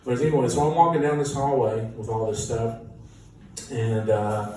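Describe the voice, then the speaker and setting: A band musician telling an animated, self-mocking story with frequent laughter. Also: male voice, medium pitch, normal speed. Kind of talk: casual anecdote storytelling. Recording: echoey room, distant mic, noisy.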